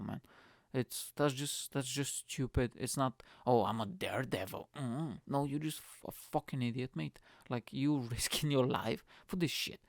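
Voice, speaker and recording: A man, a comedian hosting his own show, ranting in a profane, animated way about people he finds baffling. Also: fairly high pitch, creaky, no room sound, studio quality. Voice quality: profane, fast-swinging rant. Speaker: comedian host. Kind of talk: comedic rant.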